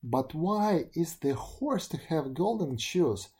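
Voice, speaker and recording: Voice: medium pitch, expressive, slow, warm tone, slightly rough. A storyteller voicing a blunt, impatient male smith who scoffs. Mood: scoffing.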